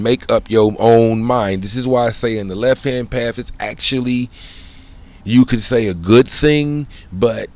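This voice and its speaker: A man speaks in a fairly low voice, talking on his own in a casual, winding monologue. He leans on street slang and swearing. He keeps checking in with the listener. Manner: rambling, loose slang, frequent "you know what I'm saying"; profane, conversational. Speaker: solo channel host.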